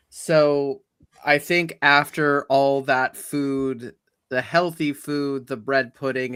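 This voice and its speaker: A man playing in a tabletop game, narrating his character's actions slowly and haltingly. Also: medium pitch, bright, forceful tone, clear, resonant tone, no room sound, clean studio sound. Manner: slow, halting narration with fillers. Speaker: player. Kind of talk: tabletop role-play.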